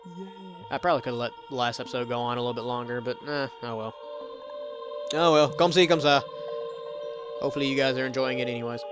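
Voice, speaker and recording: A man's voice: medium pitch, quick pace, long pauses, music in the background. A young man hosting a let's play, giving casual gameplay commentary full of sarcastic, joking asides.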